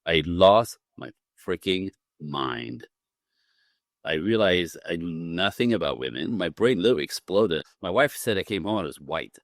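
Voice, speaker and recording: Animated man telling a story, deep voice. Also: moderate pace, no room sound, studio quality. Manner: animated storyteller, acts out quotes with big pitch jumps, laughs often. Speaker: podcast guest, relationship coach. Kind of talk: storytelling in a casual interview.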